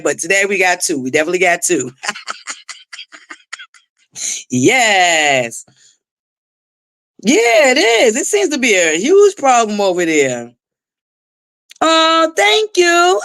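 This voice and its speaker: Lively, dry-voiced woman livestream host. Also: a little high, dry recording. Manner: greets chatters by name, laughs often, swears freely. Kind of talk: casual livestream chat.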